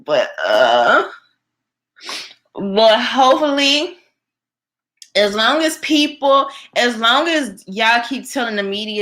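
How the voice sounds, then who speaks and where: A woman's voice: on the high side, expressive, measured pace, sharp tone. A young woman hosting a live stream, chatting casually with viewers and reading their comments aloud, full of fillers.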